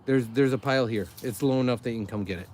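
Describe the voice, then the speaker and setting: A man's voice: mid-range voice, quick pace, a little mellow, a little hiss or hum. A man hosting a casual live chat by a backyard fire at night, joking and laughing as he talks to viewers. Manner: joking, laughs often, reads chat aloud. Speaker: livestream host, father.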